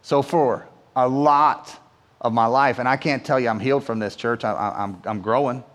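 A man's voice: medium pitch, normal speed. A man preaching a sermon as pastor in a church, chatty and repetitive, checking in with "right?". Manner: conversational, repeats words, asks the room "right?". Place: church hall. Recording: long hall reverb.

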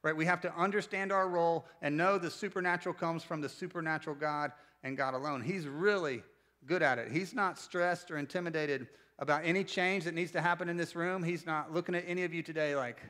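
A pastor preaching a sermon to a church congregation, animated and joking, with sudden loud bursts. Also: male voice, fairly high pitch, fairly quick. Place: church service before a congregation.

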